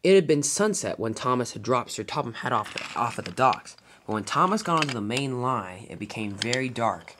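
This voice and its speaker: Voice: mid-range voice, very animated, a little fast, few pauses, fairly bright tone, slight background noise. A narrator telling a toy train fan-film story in a dramatic, storybook way.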